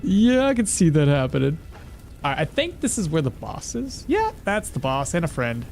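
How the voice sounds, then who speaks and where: A man's voice: fairly high pitch, huge pitch swings, normal speed, gravelly, darkish tone, slight background noise. A man chatting casually on a live stream, talking to himself and answering chat while he plays. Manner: chatty, talks to himself and reads chat aloud. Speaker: game streamer.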